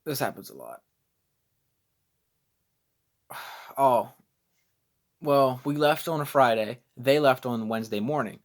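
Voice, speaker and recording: A young man vlogs casually in a medium-pitched voice with lively intonation, speaking slowly and pausing often. His storytelling rambles, and he's self-deprecating as he loses his train of thought.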